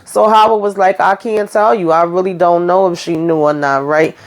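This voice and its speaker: A woman's voice: on the low side, fairly even intonation, moderate pace. A woman hosting a casual TV episode recap, talking in a chatty, slangy way and retelling scenes as she acts out the characters' lines. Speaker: TV recap host.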